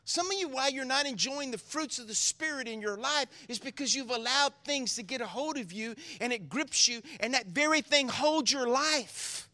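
This pastor's voice is very high-pitched, and he speaks at normal speed with few pauses. His sermon draws in the congregation via call-and-response asides, alternating between quiet solemnity and loud excitement.

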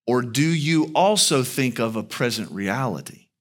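A man preaching a sermon as pastor, emphatic, with rhetorical questions to the congregation. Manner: animated preaching with big pitch swings, slow and emphatic.

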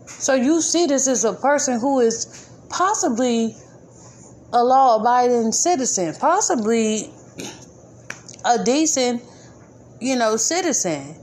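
A woman's voice: on the high side, expressive, takes it slowly, pauses often, darkish tone. A woman hosting a podcast episode, speaking casually and informally, repeating her points with indignant emphasis. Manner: informal, colloquial grammar. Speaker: podcast host. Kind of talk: casual spoken commentary.

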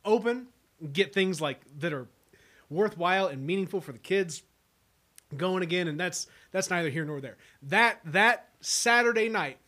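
A man's voice: sits high, animated, moderate pace, sharp tone. A man speaking in casual chat, chatty, with frequent restarts.

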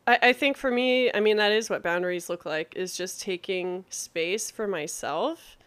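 A woman's voice: medium pitch, moderate pace, fairly bright tone, smooth. A woman co-hosting a podcast, reflective and candid in casual chat. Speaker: podcast co-host.

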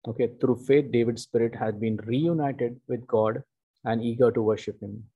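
A man preaching a sermon, teaching slowly and emphatically with frequent "okay" and "you know". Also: mid-range voice, fairly even intonation, slightly rough, narrow, tinny audio.

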